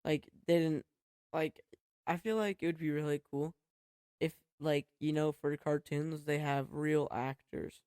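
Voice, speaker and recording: Brief: young male co-host, slightly high, hesitant and rambling, dry mic. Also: fairly even intonation, measured pace, darkish tone, smooth, dry recording. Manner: hesitant, trails off with fillers. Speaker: podcast co-host. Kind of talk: casual chat.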